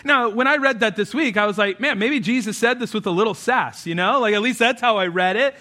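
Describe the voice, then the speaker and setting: Man, pastor, conversational sermon, high voice, bright tone, animated delivery. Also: a little fast. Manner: conversational, animated preaching with acted quotes.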